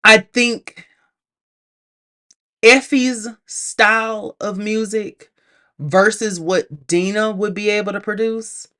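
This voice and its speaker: Chatty, animated woman reviewing a film. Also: medium pitch, takes it slowly, pauses often. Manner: chatty and animated, laughs often; addresses viewers directly, acts out characters' lines. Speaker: movie reviewer. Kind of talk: casual movie review.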